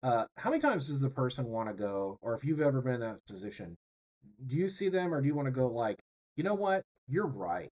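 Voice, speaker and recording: A man's voice: mid-range voice, big pitch swings, fast, darkish tone, rough recording. A man lecturing a class in a loose, conversational way, peppered with fillers and tag questions. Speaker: instructor.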